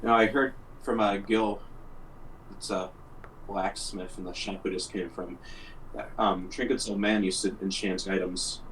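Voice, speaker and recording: A man's voice: lowish voice, flat delivery, unhurried, fairly bright tone, distant mic, a little hiss or hum, rough recording. A man playing a cleric in a tabletop game, talking hesitantly with many fillers. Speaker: player. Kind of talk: casual chat about a tabletop game.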